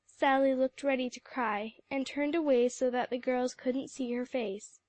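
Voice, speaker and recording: Woman reading an audiobook, high-ish voice, dead dry mic. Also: fairly even intonation, measured pace, darkish tone, no room sound. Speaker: audiobook narrator. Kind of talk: scripted narration.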